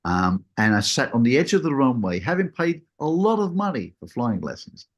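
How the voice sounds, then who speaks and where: A man telling a personal story in a casual, animated way, acting out what people said. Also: moderate pace, lo-fi sound. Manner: animated, acts out what people said with big jumps in pitch.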